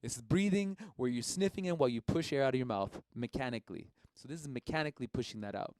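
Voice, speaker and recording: A man's voice: mid-range voice, animated, fast, a little mellow, dry recording. A man casually teaching a live-streamed music lesson, encouraging and explaining each step plainly.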